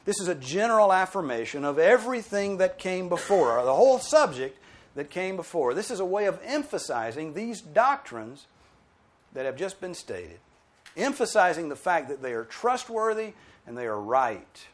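A man's voice: high voice, normal speed. A man preaching an expository sermon, explaining a verse and acting out objectors' voices. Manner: animated, emphatic, mimics objectors in quoted asides.

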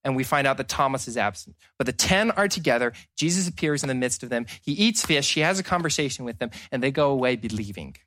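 A man's voice: mid-range voice, lively intonation, quick pace, few pauses, a bit bright. A man preaching a sermon, engaging the audience with questions and moving into paraphrased dialogue and scripture readings.

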